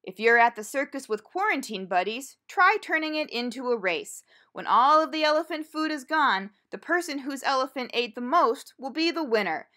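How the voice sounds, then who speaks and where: High-voiced woman pastor teaching kids. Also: animated. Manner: gentle, encouraging, slow and clear for children. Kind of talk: children's Bible lesson with a puppet. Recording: roomy sound from a distant mic.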